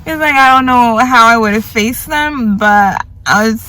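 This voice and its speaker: A woman's voice: fairly high pitch, moderate pace, hardly any pauses, bright, forceful tone, slight background noise. A young woman vlogging casually, tired and self-mocking as she rambles about her worries. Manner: rambling, self-mocking, quotes others in put-on voices. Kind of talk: casual confessional vlog. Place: grocery store.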